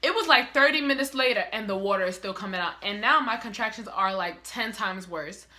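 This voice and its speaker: A young woman telling a story in a casual vlog, animated and heavy on swearing. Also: medium pitch, brisk. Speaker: vlogger.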